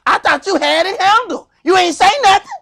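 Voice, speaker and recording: A man with a Southern US accent teaching a Sabbath Bible class in a loud, animated sermon style, acting out little skits. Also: very high-pitched, a little fast, creaky. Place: congregation hall.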